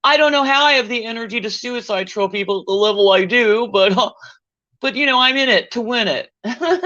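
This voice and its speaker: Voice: mid-range voice, moderate pace, sharp tone. A speaker in a played clip, talking sarcastically and laughing between lines. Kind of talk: mocking monologue clip. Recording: dull lo-fi playback.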